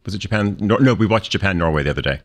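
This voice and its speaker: A man hosts a live panel talk, his low voice rattling along at speed. He throws teasing questions and tangles himself in quick restarts. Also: animated. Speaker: host. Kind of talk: live radio panel hosting.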